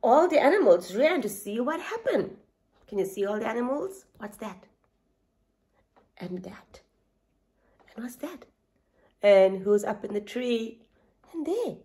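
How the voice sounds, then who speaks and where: Woman teacher reading aloud to preschoolers; slow, animated, asks the children questions. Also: fairly high pitch. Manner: expressive, asks young listeners questions.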